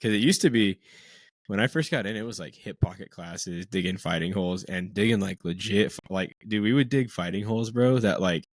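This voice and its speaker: A man co-hosting a casual podcast, relaxed and laughing often as he reminisces. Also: lowish voice, fairly quick, no room sound. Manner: laid-back, laughs often, lots of "dude" and "man". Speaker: podcast co-host, former Marine. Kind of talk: casual chat.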